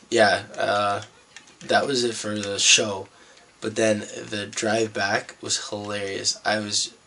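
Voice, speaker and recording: A young Canadian man tells a rambling, profane story in a laid-back casual storytelling vlog. His voice sits lowish, creaky and sharp in tone, with slight background noise.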